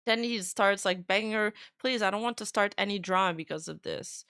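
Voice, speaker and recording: A woman's voice: mid-range voice, brisk, a bit bright, dry recording, studio quality. A woman commenting casually on online drama, reading messages aloud and giving blunt, chatty opinions. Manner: opinionated, chatty, with frequent fillers. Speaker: VTuber commentator.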